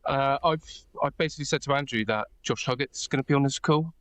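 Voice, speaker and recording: A man's voice: medium pitch, fast, fairly bright tone. A man co-hosting a podcast, chatting casually with a sheepish, jokey manner. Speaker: podcast co-host.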